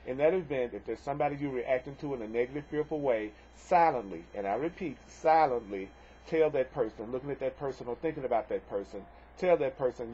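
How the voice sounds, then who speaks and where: A man's voice: mid-range voice, fairly quick, warm tone, muffled recording, a little hiss or hum. A man teaching a spiritual lesson on video, earnestly reading and repeating affirmations with folksy asides.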